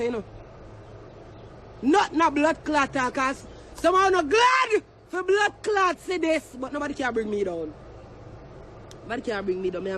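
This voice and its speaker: A man with a Jamaican accent ranting and taunting to the camera, shouting and cursing in a heated vlog. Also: very high-pitched, a little hiss or hum. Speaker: social media personality.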